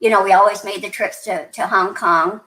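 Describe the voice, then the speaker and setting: A woman's voice: medium pitch, steady tone, fairly quick, sharp tone, rough recording. An older woman from New Mexico, a podcast guest chatting casually and rambling through stories with lots of restarts and fillers. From New Mexico, USA. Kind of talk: casual interview storytelling.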